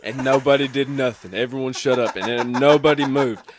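Young man telling a story, animated. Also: medium pitch, brisk, a crowd in the background. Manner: animated, acts out his own angry lines. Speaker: podcast co-host. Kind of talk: casual storytelling.

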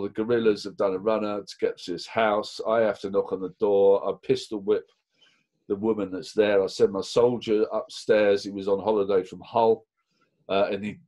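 A middle-aged man telling anecdotes in a casual, lively interview, acting out quotes. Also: on the low side. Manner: lively, animated anecdotes with laughs and acted-out quotes. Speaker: interview guest. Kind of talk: casual storytelling.

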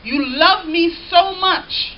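A woman's voice: very high voice, takes it slowly. A woman pastor preaching a sermon, reading scripture aloud and calling out to the congregation. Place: church. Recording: dull lo-fi church recording with faint hiss.

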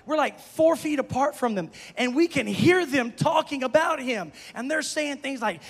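A male pastor preaching a sermon, telling a story and building to shouted preaching. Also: very high-pitched, expressive, a little fast, creaky, hardly any pauses. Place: church sanctuary. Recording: long reverb of a church hall.

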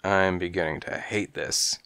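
A man doing a gruff, tough street cat. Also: low-pitched, fairly even intonation, measured pace, bright, forceful tone, no echo, clean studio sound, heavily acted. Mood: irritated. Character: tough, hot-tempered male street cat. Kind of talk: audiobook character voice.

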